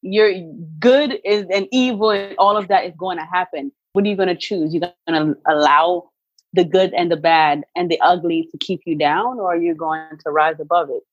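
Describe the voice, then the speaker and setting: Woman guest, middle-aged, emphatic and candid; low voice, muffled dry recording. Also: moderate pace, dry recording. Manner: earnest, emphatic, faith-filled storytelling. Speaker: guest, author and actress. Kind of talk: candid interview talk.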